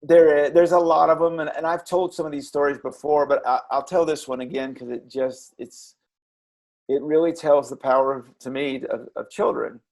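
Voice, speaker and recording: A man reflecting earnestly as an interview guest, with a gravelly voice and frequent halting restarts. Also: a little high, fairly even intonation, darkish tone. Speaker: interview guest, former children's character performer. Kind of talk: reflective storytelling.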